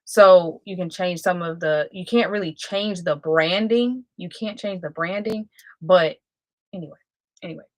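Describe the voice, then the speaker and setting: Female livestream host, casual and self-correcting, lowish voice. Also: a little slow, no echo. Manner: rambling, self-correcting, chatty. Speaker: live stream host.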